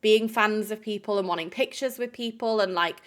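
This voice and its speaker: A woman's voice: medium pitch, a little fast. A woman streamer telling chat a stressful story in a rambling, emotional way, full of fillers.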